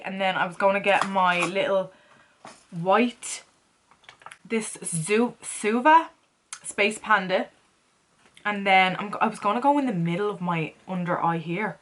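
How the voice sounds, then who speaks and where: A woman's voice: medium pitch, fairly bright tone, slight background noise. A woman chatting casually as she walks through a makeup tutorial, playful and talking to herself as she works. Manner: chatty, playful, talks to herself while working. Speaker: makeup vlogger.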